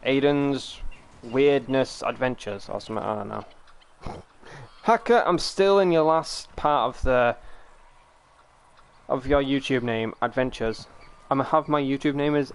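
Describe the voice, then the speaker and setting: A man's voice: mid-range voice, unhurried, pauses often, smooth. A young man from the United Kingdom, chatting casually and rambling to his viewers while streaming a game. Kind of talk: casual live-stream chat.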